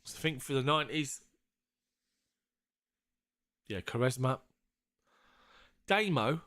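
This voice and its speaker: Man, live-stream host, jokey and chatty, laughs a lot, casual swearing, mid-pitched voice, dry close sound. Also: lively intonation, slow pace, a bit bright, no echo.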